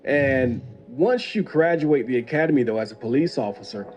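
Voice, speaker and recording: A man's voice: mid-range voice, moderate pace, a little mellow, slight background noise. Man hosting a commentary video. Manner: conversational, opinionated, reads viewer email aloud. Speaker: host, former police officer. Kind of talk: casual commentary.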